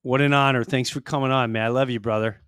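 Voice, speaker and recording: Emphatic podcast host, dry close sound. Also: male voice, medium pitch, steady tone, quick pace, smooth, no echo. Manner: warm-hearted, emphatic, repeats himself. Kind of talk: casual podcast interview.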